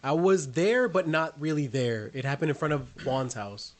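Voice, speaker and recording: A man who is a guest on a podcast, talking casually and haltingly with many restarts and fillers. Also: on the high side, slight background noise. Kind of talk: casual chat.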